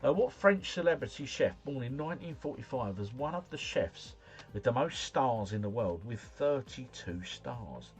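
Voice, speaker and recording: A man's voice: mid-range voice, expressive, moderate pace, few pauses. A man hosting a livestream, casually thinking aloud through quiz answers in a slangy, rambling way. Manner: chatty, musing aloud, slangy. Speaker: livestream host.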